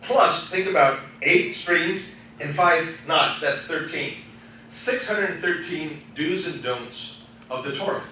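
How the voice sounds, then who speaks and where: A man preaching a sermon as pastor, animated and laughing often, swinging between loud exclamations and quiet storytelling. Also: fairly high pitch, slow. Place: church sanctuary. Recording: echoey church hall, mic from far off, congregation responding. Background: congregation calling out responses.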